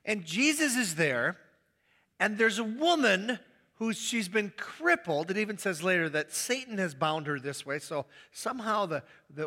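Guy pastor preaching in a big echoey church, high lively voice, jokes around. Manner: animated, joking asides to the congregation. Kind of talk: sermon.

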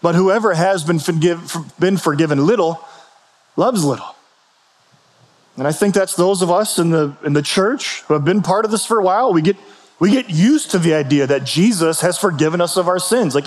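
A man's voice: sits high, lively intonation, normal speed. A man preaching a sermon in a conversational way, often asking rhetorical questions and restarting his phrases. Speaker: pastor. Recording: long hall reverb.

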